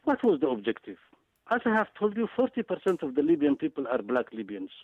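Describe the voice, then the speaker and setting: A man's voice: fairly high pitch, very animated, brisk, dry recording. A man giving impassioned political commentary as a guest, emphatic, repeating words, with many hesitant fillers. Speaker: guest analyst. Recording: tinny phone line, dry.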